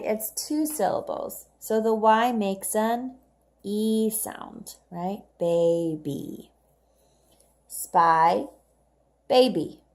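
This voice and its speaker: Slow, patient woman teaching children English. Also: a little high. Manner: slow, clear, patient, models words twice for repeating. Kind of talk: recorded homework lesson for young learners.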